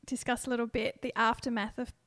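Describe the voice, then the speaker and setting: A woman co-hosting a podcast, reflecting in casual chat and laughing easily. Her voice is bright and fairly high. The recording is dry and close, with no room sound. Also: little pitch movement, fast talker, dry recording. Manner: laughs often, reflective, talks in metaphors. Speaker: podcast co-host.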